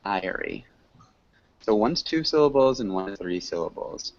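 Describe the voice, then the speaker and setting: A man teaching an online English class, correcting students patiently and clearly. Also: lowish voice, animated, fairly quick, a little mellow. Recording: muffled lo-fi call audio with faint hiss.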